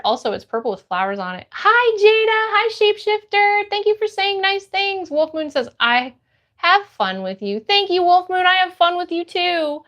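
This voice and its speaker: A woman's voice: sits high, pushed and bright. A woman livestreamer reading her chat aloud, upbeat and greeting viewers by name.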